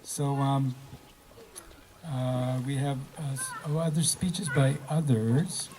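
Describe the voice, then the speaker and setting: A man hosting a community graduation gathering, talking loosely with many pauses and fillers. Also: mid-range voice, fairly even intonation, warm tone, slight background noise, poor audio. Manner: hesitant, many fillers, offhand. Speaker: event host. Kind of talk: casual emcee talk.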